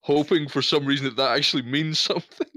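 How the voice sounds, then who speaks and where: A man playing a tabletop game, making animated asides about his character. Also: fairly high pitch, fast talker, dry recording, studio quality. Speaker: player.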